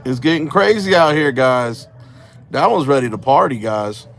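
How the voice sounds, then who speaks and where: A man's voice: mid-range voice, lively intonation, moderate pace, creaky, fairly bright tone, soft background music. A tired man vlogging from inside his parked car, rambling to viewers with sarcastic asides. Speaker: cop-watch vlogger. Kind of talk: casual running commentary to viewers.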